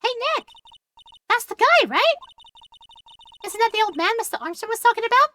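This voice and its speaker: Woman putting on a squeaky bright sidekick girl, eager and cheerful, swoops around a lot. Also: sing-song, moderate pace, a little hiss or hum, full character voice. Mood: chirpy. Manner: chirpy and eager.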